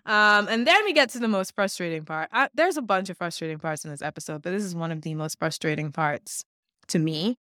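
A woman's voice: on the low side, brisk, no room sound, studio quality. A young adult woman co-hosting a podcast, recapping a reality show in casual, profane chat and acting out what the cast said. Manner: animated, profane storytelling with acted-out quotes. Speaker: podcast co-host.

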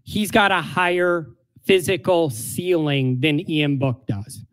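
Man, high voice, emphatic and opinionated, casual sports podcast co-host. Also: takes it slowly, a bit bright.

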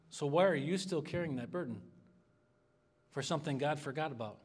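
Earnest pastor, man, higher voice. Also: fairly quick, darkish tone, breathy edge. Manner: earnest, conversational, asks the congregation for responses. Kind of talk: expository sermon.

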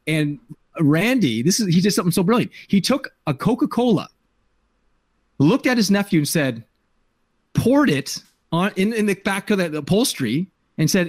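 A man's voice: a little high, lively intonation, normal speed, no echo. A middle-aged man hosting a podcast as a life coach, telling a personal story in an earnest way and often repeating words as he starts a thought.

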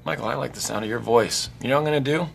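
A man's voice: mid-range voice, very fast, creaky, breathy edge. An actor playing an indignant, pompous client who scolds a salesman over the phone.

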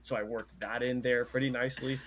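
A man's voice: medium pitch, little pitch movement, a little fast, fairly bright tone, slight background noise. A man doing comedic freestyle raps, then earnestly defending his lyrics in playful banter.

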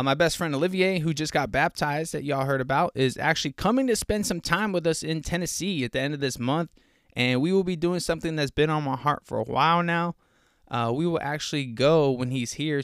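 A man's voice: fairly high pitch, fairly quick, fairly bright tone, clear, resonant tone, dry recording, clean studio sound. A young man hosting a casual faith podcast, rambling earnestly with lots of fillers, a little out of breath. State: slightly out of breath. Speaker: podcast host.

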